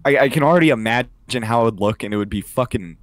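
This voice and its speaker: A man's voice: mid-range voice, fast, no echo. A young man co-hosting a podcast, talking crudely in casual chat with lots of fillers. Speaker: podcast co-host.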